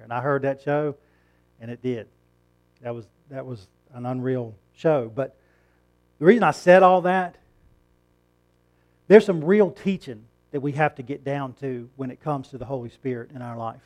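A man's voice: medium pitch, moderate pace, long pauses, darkish tone. A middle-aged man preaching a sermon in a conversational way, rising to emphatic points and asking the congregation questions. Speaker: pastor.

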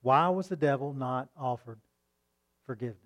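A man preaching a sermon in a conversational tone, asking rhetorical questions and reading scripture slowly. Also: mid-range voice.

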